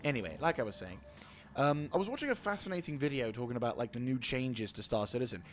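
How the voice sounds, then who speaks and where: A man's voice: medium pitch, expressive, quick pace. A British man in his thirties streaming a game, talking in a rambling, sweary and self-deprecating way. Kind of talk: casual gameplay commentary.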